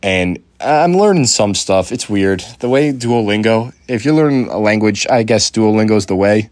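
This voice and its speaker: Young male podcast host, lowish voice, dry close sound, swears a lot, rambles with constant fillers. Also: lively intonation, normal speed, darkish tone, no room sound. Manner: loose and swearing, full of fillers and restarts. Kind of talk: casual rambling chat.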